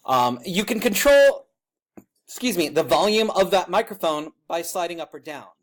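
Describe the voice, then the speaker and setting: A man teaching a class how to use software, talking in a loud teacher voice, chatty and informal with plenty of asides. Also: sits high, lively intonation, moderate pace.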